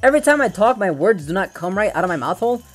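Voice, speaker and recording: A man hosting a VR fishing game video, excitable and joking, swearing often as he plays. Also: sits high, fast, faint music behind. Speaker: gaming channel host. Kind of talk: VR game commentary. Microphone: VR headset gameplay capture.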